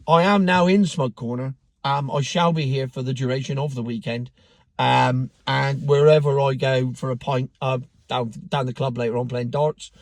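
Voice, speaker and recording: A man's voice: fairly high pitch, dry recording. A man giving a sardonic, mocking rant in casual commentary, with the odd swear word. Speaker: car vlogger.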